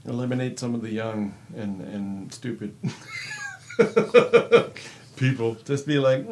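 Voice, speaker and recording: Male co-host, casual banter, salty and giggly, mid-pitched, faint room hum. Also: animated, takes it slowly, long pauses, darkish tone. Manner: profane, laughs often, acts out quotes. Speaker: show co-host.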